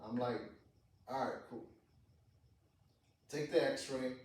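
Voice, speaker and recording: A man's voice: mid-range voice, slow pace, distant mic. Man, casual podcast storytelling, profane, off-mic, echoey room. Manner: profane, animated retelling with quoted dialogue. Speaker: podcast host telling a personal story.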